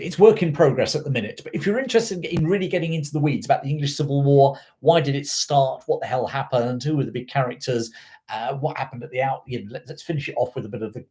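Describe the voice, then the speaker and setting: Speaking at a medium pitch with a darkish tone, a middle-aged man raised in South Africa runs a rambling, informal live chat on his history channel. It's full of tangents and filler words.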